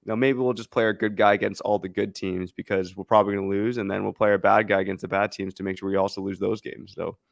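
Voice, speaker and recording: Male podcast co-host, low and gravelly, measured explainer, dry close mic. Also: flat delivery, dry recording. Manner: measured, explanatory, with many fillers. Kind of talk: casual sports podcast chat.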